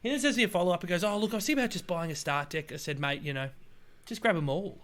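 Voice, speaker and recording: An Australian man co-hosting a podcast, telling stories in a lively, exasperated way with sudden outbursts. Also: racing. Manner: animated, exasperated storytelling with sudden high outbursts. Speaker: podcast co-host. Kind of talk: casual chat.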